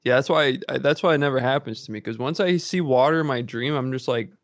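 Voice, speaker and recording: A man's voice: medium pitch, fast. A man telling crude, joking stories in a casual podcast chat.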